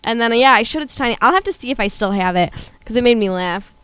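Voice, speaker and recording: A woman co-hosts a radio talk show, chatty and joking, her fairly high voice swinging up and down a lot. The sound is dry and close. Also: lively intonation, fast talker, a bit bright, clean tone, no echo. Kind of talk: casual chat.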